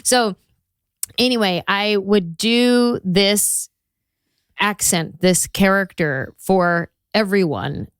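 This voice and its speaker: A woman's voice: mid-range voice, slow pace, clear, resonant tone, no echo. A woman from California in her thirties, a comedian telling stories in a casual interview and slipping into character voices. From California, USA. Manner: animated storyteller who slips into character voices. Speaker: guest comedian.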